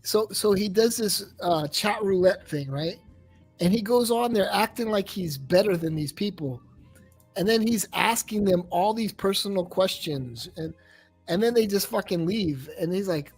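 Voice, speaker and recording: A man's voice: sits high, normal speed, husky, faint music behind. A man hosting a livestream in casual chat, rambling and swearing as he tells stories. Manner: profane, rambling, animated storytelling. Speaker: livestream host.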